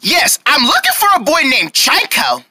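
A woman's voice: high voice, wildly swooping pitch, moderate pace, sharp tone, no room sound, studio quality, heavily acted. A woman voicing a polite, cheerful young girl who is new to the group in a homemade toy movie. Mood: friendly.

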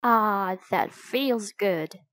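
A woman's voice: medium pitch, drawn-out words, a bit bright, no echo. A woman reading the part of a teasing, hungry young boy in a storybook, with a lazy, joking delivery.

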